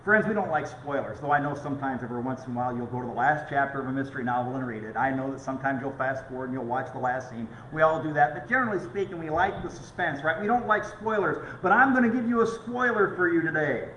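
A middle-aged pastor preaching a conversational sermon with stories. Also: male voice, mid-range voice, fast, few pauses, a bit bright, a little hiss or hum. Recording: echoey room.

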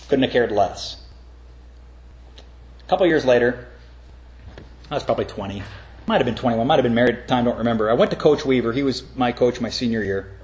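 A middle-aged man preaching a sermon, telling stories earnestly and rising into emphatic, pitched-up points. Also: a little mellow, roomy sound. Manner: earnest storytelling with sudden emphatic rises. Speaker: pastor.

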